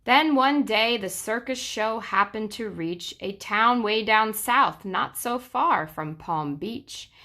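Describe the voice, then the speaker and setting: Young woman reading a kids rhyme book real slow, sing-song, bright voice. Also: a little high, lively intonation. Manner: slow, sing-song rhyming delivery with dramatic drops. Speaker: storyteller. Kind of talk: children's book read aloud.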